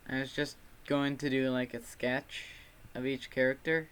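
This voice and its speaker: A man's voice: medium pitch, little pitch movement, normal speed, fairly bright tone, clean tone. A young man from Texas with a Texan accent, chatting casually on a livestream in a rambling, self-deprecating way. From Texas, USA. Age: student.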